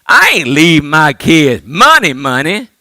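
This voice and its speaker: High-pitched, lively pastor. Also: male voice, normal speed, dry recording. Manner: call-and-response preaching, swinging from loud to hushed. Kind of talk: sermon.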